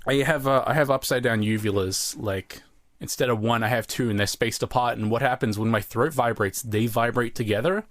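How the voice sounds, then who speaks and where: A man's voice: mid-range voice, fairly quick, no echo. Profane rambling young man, dry sound. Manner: rambling, profane, jokey storytelling. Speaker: podcast co-host. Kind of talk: casual chat.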